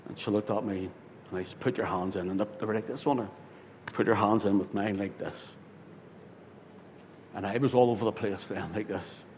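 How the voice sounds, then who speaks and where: A man, a pastor telling a story in a sermon, swinging from loud, excited bursts to hushed tones. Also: moderate pace, long pauses. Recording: hall reverb with faint rumble.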